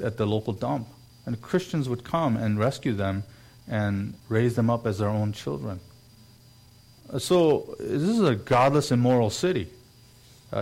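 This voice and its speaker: A man's voice: mid-range voice, a little mellow. A man preaching a sermon in an earnest way, now and then acting out quoted voices. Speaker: pastor.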